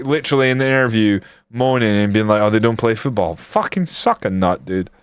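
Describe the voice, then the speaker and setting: Guy streaming a footy manager game, swears a ton, yells at the match, clean dry sound. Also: medium pitch, smooth, no echo. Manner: swears a lot, reacts loudly to the match. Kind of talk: live game stream commentary.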